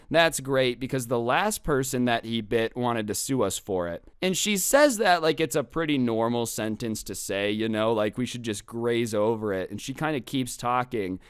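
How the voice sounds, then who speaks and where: A young man telling a personal story as a casual vlog monologue, rambling and animated, acting out other people's lines as he goes. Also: medium pitch, clear, resonant tone, no room sound, clean studio sound. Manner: animated, rambling, quick asides and quoted voices. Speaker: storytime YouTuber.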